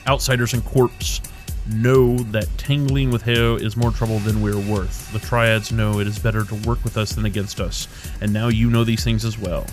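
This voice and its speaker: A man voicing a proud, stern crime family boss in a video game, speaking in a measured, warning tone. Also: lowish voice, level tone, soft background music, lightly acted.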